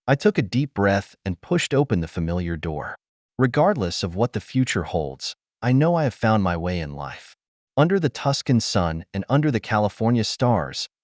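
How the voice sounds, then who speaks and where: A man narrating a first-person audio story in a steady, even storytelling delivery. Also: lowish voice, no room sound, studio quality.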